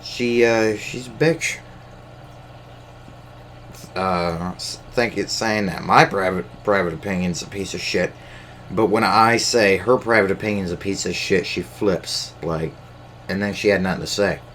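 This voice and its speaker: A man's voice: low-pitched, measured pace, a bit bright, slight background noise. A man talking casually into his camera mic, rambling and hesitant with lots of filler words and swearing. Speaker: solo podcast host.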